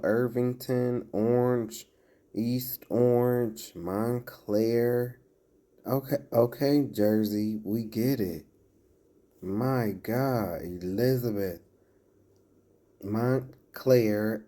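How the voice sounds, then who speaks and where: A man's voice: mid-range voice, warm tone. A man giving casual commentary as he reads out a list, breaking off into sarcastic asides and chuckles.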